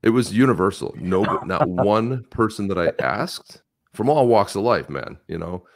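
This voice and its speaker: A man's voice: lowish voice, lively intonation, moderate pace. A man co-hosting a casual talk show, telling stories in a rambling way with many restarts. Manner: jumps between voices for quoted people. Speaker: co-host. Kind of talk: casual chat.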